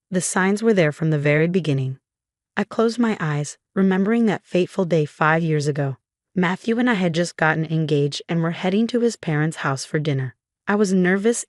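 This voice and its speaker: A woman narrating a scripted first-person drama story in a steady, even reading. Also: fairly low pitch, no echo, studio quality.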